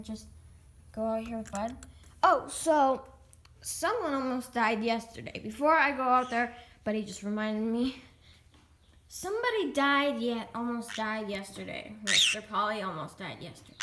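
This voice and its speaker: Slow, rambling girl showing her pets. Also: fairly high pitch, fairly bright tone. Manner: rambling, halting, full of restarts. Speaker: vlogger. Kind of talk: casual pet vlog.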